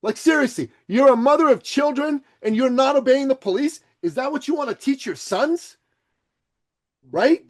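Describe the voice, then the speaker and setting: Blunt, swearing man with a high voice. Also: animated, moderate pace. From Iran. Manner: blunt, swears freely, shifts from loud to quiet. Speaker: podcast guest. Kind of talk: forceful opinionated interview talk.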